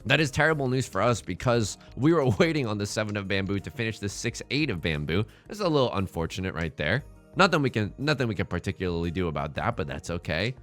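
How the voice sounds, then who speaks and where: A young man giving casual, joking commentary over his own gameplay, slipping in quick impressions. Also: fairly low pitch, big pitch swings, fairly bright tone, faint music behind. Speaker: let's play streamer. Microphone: headset mic.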